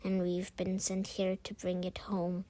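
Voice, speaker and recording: A woman reading the lines of a bossy male goblin henchman in a storybook, with loud, slow commands. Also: fairly low pitch, completely flat delivery, dry recording, natural voice.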